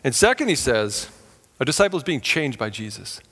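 A man's voice: medium pitch, big pitch swings, fairly quick, fairly bright tone, in a large hall. A man preaching a sermon as pastor, earnest and conversational, acting out quotes as he goes.

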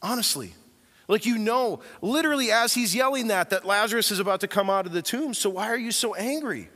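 A male pastor delivers an earnest, emphatic sermon in a fairly high, bright voice. He swings from hushed asides to forceful declarations as he tells the story. His voice rings out with the long reverb of a big sanctuary. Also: expressive, fairly quick.

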